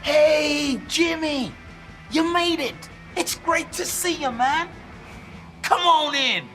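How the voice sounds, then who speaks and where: An actor playing a boisterous, friendly male comedy star who talks loud and effusive. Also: very high voice, slow pace, faint music behind, full character voice.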